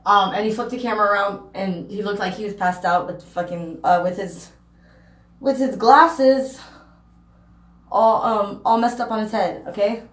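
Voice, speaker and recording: A woman's voice: medium pitch, moderate pace. Rambling woman, echoey room. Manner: rambling with many fillers and restarts. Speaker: vlogger. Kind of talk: casual storytime vlog.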